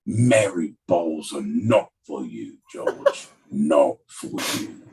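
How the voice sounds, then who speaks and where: Man playing a low, gruff, sneering dad; scornful, cursing, husky. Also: very animated, slow pace, warm tone, exaggerated voice. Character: harsh scornful father scolding his son.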